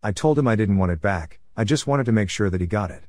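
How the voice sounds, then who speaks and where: Low-voiced man telling a story. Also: lively intonation, quick pace, darkish tone, dry recording, clean studio sound. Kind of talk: first-person storytime narration.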